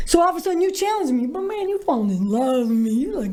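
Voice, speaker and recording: A woman's voice: high-pitched, expressive, very fast, hardly any pauses, mellow. A woman guest on a talk show who tells a story in a brash, theatrical way, acting out the voices. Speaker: guest, filmmaker. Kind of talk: animated storytelling.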